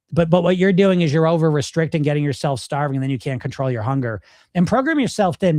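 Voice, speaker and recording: A man's voice: fairly high pitch, a little mellow, no room sound, studio quality. A middle-aged man coaching viewers on weight loss in a casual live Q&A, blunt and emphatic, swearing freely.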